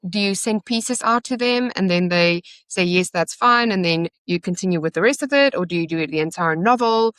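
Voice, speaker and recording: A woman's voice: lowish voice, fairly quick, hardly any pauses, a bit bright, clean tone, dry recording. A woman hosting a podcast, asking long, casual questions with fillers. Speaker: podcast host. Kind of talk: interview questions.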